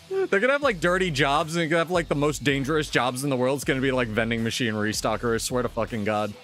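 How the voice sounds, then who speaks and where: A man's voice: medium pitch, lively intonation, quick pace, a bit bright, faint music behind. A male streamer from the United States in casual live-stream chat, ranting with lots of swearing and exasperation.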